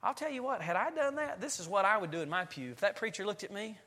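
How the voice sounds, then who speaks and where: A man in his forties, a pastor preaching a sermon in a church sanctuary and telling family stories with lively, acted-out delivery. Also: high voice, fast talker, big-room sound. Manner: animated storytelling preacher, acting out family scenes.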